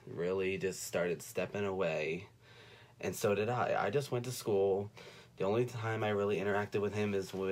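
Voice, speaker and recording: A young man from North Carolina telling a personal story on a livestream, speaking in a soft, halting way and fighting back tears. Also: sits low. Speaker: vlogger. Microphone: phone or webcam.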